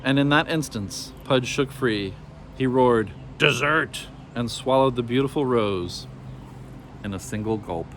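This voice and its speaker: A man reads a children's storybook aloud with expressive, measured narration. His voice sits in a middle pitch, and a faint hum runs underneath.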